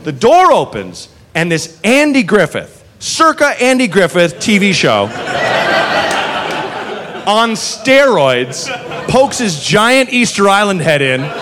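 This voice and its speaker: A male stand-up comedian telling a story on a club stage, animated, with shouty punchlines. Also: high-pitched, takes it slowly. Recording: live club recording with crowd noise. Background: laughing audience.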